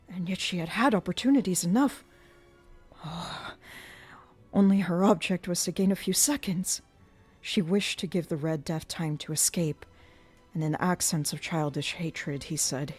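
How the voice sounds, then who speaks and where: A woman narrating a classic novel aloud in a measured, dramatic reading style during a live stream. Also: fairly low pitch, darkish tone, breathy edge, soft background music. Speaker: audiobook reader.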